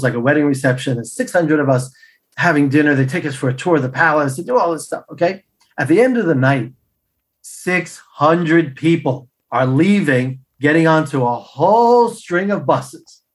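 A man telling stories as a podcast guest, acting out the people he quotes with big jumps in pitch and laughing as he goes. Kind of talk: casual storytelling.

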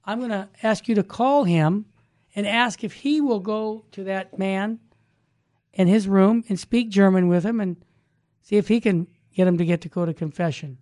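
A firm older Mother Superior giving orders, as a male storyteller voices her, brisk and instructive, a touch higher than his usual voice. The sound is dry and close. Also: darkish tone, no echo, close to an everyday voice. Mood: instructing.

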